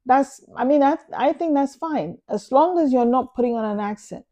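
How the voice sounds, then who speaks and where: A woman's voice: high-pitched, moderate pace, dark tone. A woman giving casual advice to her viewers in an earnest, emphatic way, repeating phrases for stress. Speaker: vlogger. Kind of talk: casual advice talk to camera.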